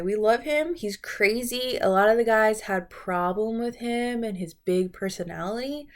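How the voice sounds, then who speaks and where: A young woman chatting casually and playfully about reality TV contestants in a vlog. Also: medium pitch. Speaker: beauty and reality TV vlogger.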